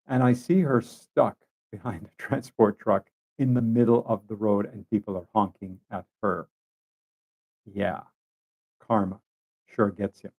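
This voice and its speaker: Gravelly low-voiced man telling stories. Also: a little mellow. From Canada. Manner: conversational, rambling with restarts and asides to listeners. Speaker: podcast host. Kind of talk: casual monologue storytelling.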